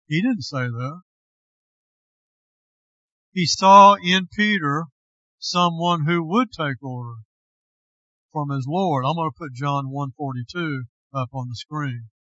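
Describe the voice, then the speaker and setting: A man, a pastor, preaching a sermon slowly and with deliberate emphasis. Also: on the high side, expressive, a bit bright, dry recording, muffled recording.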